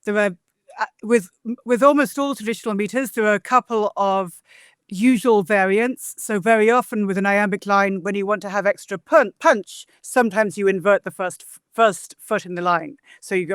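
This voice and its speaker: A woman's voice: mid-range voice, moderate pace, smooth, no room sound, studio quality. A woman translator being interviewed, explaining poetic meter in a scholarly way and tapping out rhythms aloud. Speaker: translator and guest. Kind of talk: interview conversation.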